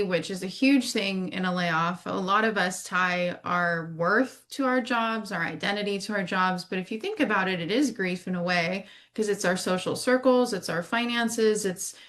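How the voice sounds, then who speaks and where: A woman hosting a podcast interview, speaking in a measured, reflective way. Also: medium pitch, a bit bright. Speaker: podcast host.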